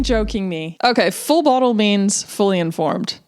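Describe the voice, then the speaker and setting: A woman's voice: mid-range voice, expressive, normal speed, over loud music. A woman in her twenties hosting a casual food taste-test vlog, bubbly and exclamatory, peppering her talk with "like" and "freaking". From grew up in the US and Australia. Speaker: vlogger host.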